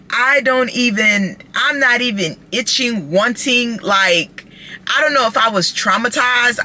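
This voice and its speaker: A woman vlogging casually to her phone camera, animated and chatty, calling her viewers "baby" and "child.". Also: mid-range voice.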